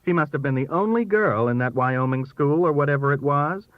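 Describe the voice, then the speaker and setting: A man's voice: a little high, brisk, no room sound, voice pushed up, natural voice. A man putting on a catty theatrical wife. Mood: scornful. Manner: catty, dramatic complaining. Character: scornful, theatrical middle-aged wife. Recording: thin phone-like dry sound.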